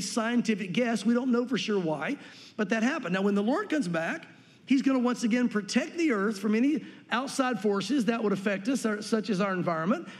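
Guy preaching in a church, high voice, slows down for scripture, echoey hall. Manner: earnest teaching, reads scripture slowly. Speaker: pastor. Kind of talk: sermon. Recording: long reverb in a hall.

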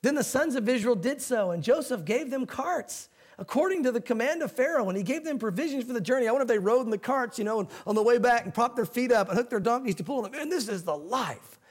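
A middle-aged man preaching a sermon as a pastor, talking in a relaxed, folksy way. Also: very high voice, fast. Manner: conversational, folksy preaching with quoted voices.

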